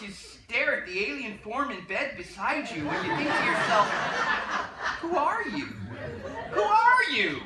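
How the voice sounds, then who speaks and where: A woman on a theater stage playing a wistful middle-aged man who loves old musical records, confiding wryly in the audience. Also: a little high. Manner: confiding, wry, talks straight to the audience. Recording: echoey theater, audience noise.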